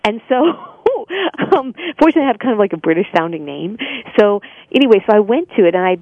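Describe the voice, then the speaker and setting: American woman, interview guest, chatty, laughs a lot, middle pitch, dry muffled lo-fi audio. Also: sing-song, fairly quick, no room sound. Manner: chatty, laughs often, many fillers. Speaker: guest, singer and voice-over artist. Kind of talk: casual interview chat.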